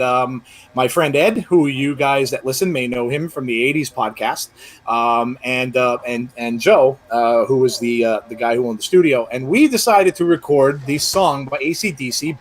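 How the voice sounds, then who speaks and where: A man's voice: mid-range voice, moderate pace. A middle-aged man co-hosting a live wrestling podcast, chatting casually and rambling with lots of fillers and restarts. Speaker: podcast co-host. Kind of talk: casual live-show chat.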